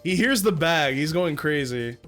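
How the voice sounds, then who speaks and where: Streaming from his home on a close desk mic, a young man casually chats with his audience, curses occasionally, and talks baby talk to his cat. His voice is on the high side, expressive, fairly bright, and unhurried, over soft background music.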